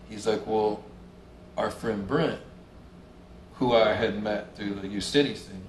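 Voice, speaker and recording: A man's voice: fairly low pitch, slight background noise. Laid-back man telling a story. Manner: laid-back, swears freely, acts out quotes. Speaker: interview guest, musician. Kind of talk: casual storytelling interview. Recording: roomy room sound, faint ambience.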